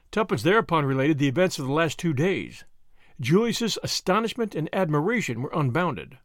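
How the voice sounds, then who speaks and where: A man reading an audiobook aloud, measured and expressive. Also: a little high, no echo, clean studio sound. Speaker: audiobook narrator. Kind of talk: audiobook narration.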